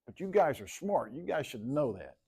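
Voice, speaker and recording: A man's voice: medium pitch, sing-song, moderate pace, a little mellow, husky. A man teaching a math class in a classroom, talking casually, calling on students by name and repeating himself. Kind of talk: classroom lecture.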